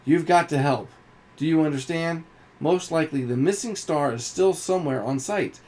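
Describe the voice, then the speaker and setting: A man reading a game's story aloud, voicing a hesitant, pleading mystery star who speaks over a loudspeaker. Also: on the high side, normal speed, lightly acted. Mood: urgent.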